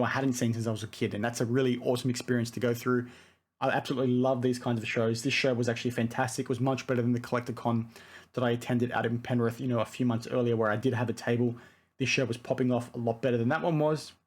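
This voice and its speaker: Fast-talking Australian man, husky voice. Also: medium pitch. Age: 30s. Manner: enthusiastic, rambling, frequent "you know" and "right?". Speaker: vlogger and card collector. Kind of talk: casual chat to camera. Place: home room full of collectibles.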